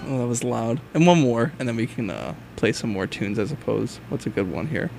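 A young man hosting a college radio show, chatting in a relaxed, rambling way with plenty of fillers. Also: mid-range voice, a little fast, vocal fry, loud music behind the voice. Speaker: radio host. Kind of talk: casual college radio chat. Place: radio studio.

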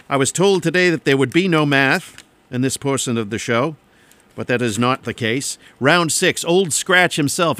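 A man's voice: mid-range voice, a bit bright, no room sound. A man DJing on radio, rambling and joking between songs from a studio mic. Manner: joking, rambling, self-mocking.

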